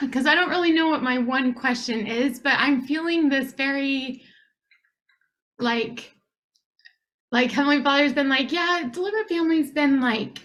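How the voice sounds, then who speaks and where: A woman's voice: sits high, unhurried, pauses often, a bit bright. A woman on a group video call who shares her doubts in a rambling, hesitant way, full of fillers. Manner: rambling, hesitant, self-questioning, many fillers. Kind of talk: casual personal sharing.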